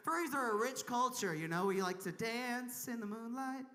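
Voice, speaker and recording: A woman's voice: fairly high pitch, animated, normal speed, fairly bright tone. A woman from Kentucky doing a crude, self-mocking stand-up comedy set on a convention main stage, laughing at her own jokes. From Kentucky, USA.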